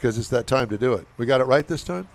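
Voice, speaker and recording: A man's voice: medium pitch, lively intonation, fast talker, gravelly. Laid-back male car show host. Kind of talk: casual chat and station announcements.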